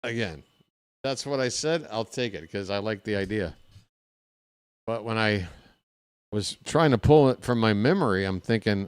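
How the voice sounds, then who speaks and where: A man calling a baseball game live in a casual play-by-play style, chatty and candid, drifting into personal asides between the pitches. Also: animated, moderate pace, long pauses, smooth, dry recording. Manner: candid and self-deprecating. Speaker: play-by-play announcer.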